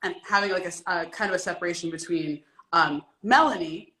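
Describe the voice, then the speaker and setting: A woman's voice: lowish voice, fairly quick, sharp tone, reverberant, rough recording. A woman who created the show, interviewing an actress, thoughtful and restarting her sentences as she goes. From United States. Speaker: showrunner, interviewer. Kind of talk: interview conversation.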